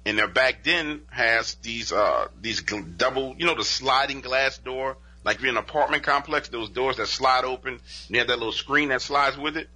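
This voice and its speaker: A man telling a paranormal encounter story as a podcast guest, in an animated, conversational way that acts out what witnesses said. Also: medium pitch, normal speed, hardly any pauses, husky. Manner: conversational, peppered with "you know" and "like". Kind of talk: casual spoken storytelling.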